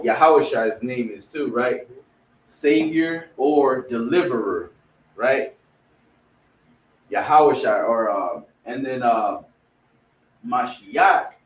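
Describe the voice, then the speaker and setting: A man with a Spanish accent teaching an online vocabulary class in a casual way, often saying "right?" as he goes. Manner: casual, repeats "right?" and "boom". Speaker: language teacher. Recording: roomy, distant mic, faint background noise.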